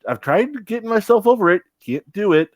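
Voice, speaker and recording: A man's voice: high voice, big pitch swings, a little fast, no echo. A young man co-hosting a casual chat, rambling with many fillers and restarts. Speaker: podcast co-host.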